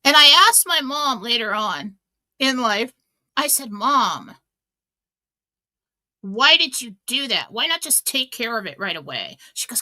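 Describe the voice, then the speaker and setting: A woman's voice: on the high side, lively intonation, unhurried, sharp tone. A middle-aged woman hosting a radio talk show, telling stories in a chatty way, full of fillers and restarts. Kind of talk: casual inspirational talk.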